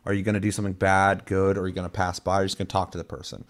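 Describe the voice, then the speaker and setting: A young man speaks rapid-fire in a low, totally flat voice. He's on a podcast, chatting casually, meandering and swearing through stories laden with filler words.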